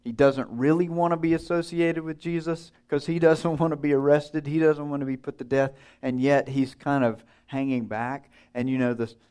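A man's voice: on the high side, fairly even intonation, normal speed, few pauses, a little mellow, clean tone. A man preaching a sermon in a conversational way, putting questions to his listeners and acting out the voices in a story he tells.

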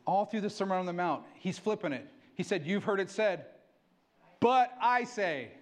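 A middle-aged male pastor giving an excitable sermon, acting out quotes as he preaches. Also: high voice, fairly quick.

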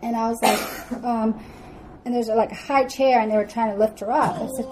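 A woman's voice: on the high side, steady tone, fairly quick. A woman telling a story casually, with many fillers and acted-out quoted dialogue. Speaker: family devotional speaker. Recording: noticeable background noise.

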